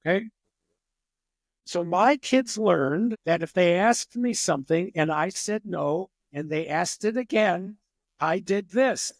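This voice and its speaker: An older man with a notably high voice speaks as a psychologist guest on a podcast. He explains his points with animated stories and acts out the people in them. The sound is dry and close. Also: takes it slowly, dry recording. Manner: animated storyteller who acts out examples. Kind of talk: podcast interview.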